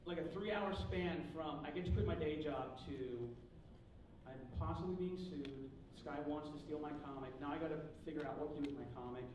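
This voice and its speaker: A man on stage at a convention panel, telling a story to a live audience in an animated way, acting out the dialogue and swearing freely. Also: a little high, brisk. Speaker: panel guest speaker. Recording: echoey hall from far off, audience noise.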